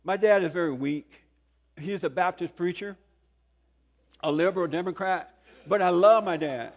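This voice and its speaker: An older man in his sixties tells his own story to a conference audience. His voice sits a touch high for a man, and he speaks earnestly, with chuckles and emphatic peaks. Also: moderate pace. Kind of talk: testimony talk to a conference audience. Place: conference hall.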